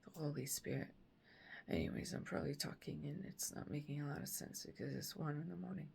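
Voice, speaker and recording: A grieving mother sharing a late-night faith reflection at home, speaking softly and often in a whisper, with halting phrases. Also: deep voice, steady tone, creaky, slight background noise.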